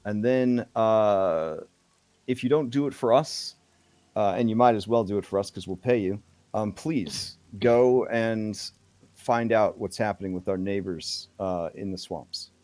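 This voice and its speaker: A man's voice: on the low side, darkish tone, no room sound, close to an everyday voice. A man voicing a stern, sighing official. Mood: persuasive. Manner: measured, sighing, persuasive. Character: stern older male official hiring privateers.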